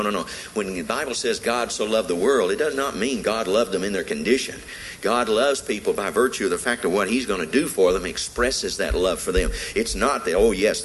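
Emphatic low-voiced male preacher. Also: a little hiss or hum, rough recording. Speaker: pastor. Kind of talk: sermon. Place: church service.

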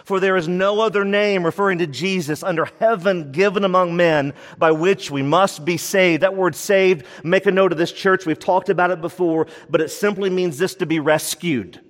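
A man preaching with fervor, his pitch sitting a little high and leaping up on the key words before dropping to a hush. The sound rings with a long reverb, as in a large hall. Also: normal speed, few pauses. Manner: fervent preaching with big pitch swings. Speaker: pastor. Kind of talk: sermon.

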